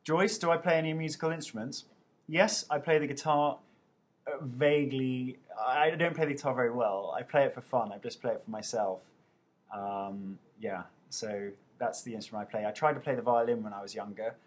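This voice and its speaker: A man's voice: mid-range voice, moderate pace. A young man with an English accent, casually answering viewers' questions over a webcam, chatty and poking fun at himself. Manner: chatty, self-mocking, playful.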